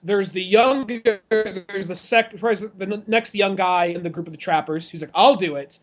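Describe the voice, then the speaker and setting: A man co-hosting a podcast, casually retelling a film scene by scene and acting out the characters' lines in rough, swearing voices. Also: high voice, normal speed, lo-fi sound. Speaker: podcast co-host. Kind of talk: casual movie chat.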